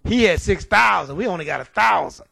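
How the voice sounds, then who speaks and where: A preacher voicing alarmed, possessed townsfolk, fretful and colloquial. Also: male voice, high voice, expressive, a little fast, vocal fry, sharp tone, dry recording, heavily acted. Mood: worried. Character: alarmed townsfolk full of demons, male, worried.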